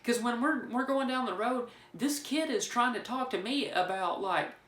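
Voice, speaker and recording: A man's voice: extremely high pitch, normal speed, a bit bright. Man, casual storytelling, rambling and joking, roomy echoey room. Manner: rambling, joking, with frequent restarts. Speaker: vlogger telling a personal story. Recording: roomy echo.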